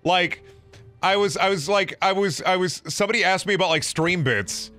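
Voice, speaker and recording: A man's voice: high voice, moderate pace, bright, forceful tone, faint music behind. A young man chatting casually on a gaming livestream, rambling and joking, often restarting his sentences. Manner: rambling, self-interrupting, joking. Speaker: streamer.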